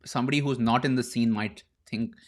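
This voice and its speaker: A man hosting a casual podcast interview, asking questions in a relaxed way with frequent fillers. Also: medium pitch, a little fast. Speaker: host.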